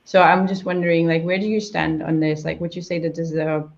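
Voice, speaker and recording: Low-voiced woman asking rambling questions. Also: level tone, fairly quick, vocal fry, dull audio. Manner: thoughtful, rambling, many fillers. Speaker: podcast host. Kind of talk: casual interview question.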